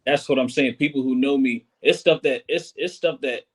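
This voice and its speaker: A man speaking as a guest on a casual podcast, in a husky, mid-pitched voice. He talks earnestly and with emphasis, circling back to repeat his points. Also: normal speed.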